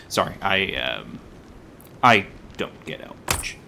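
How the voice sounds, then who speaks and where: A man's voice: deep voice, big pitch swings, slow, gravelly, bright, forceful tone, slight background noise. A man giving casual, rambling gameplay commentary, self-deprecating and full of dad jokes. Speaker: gaming YouTuber.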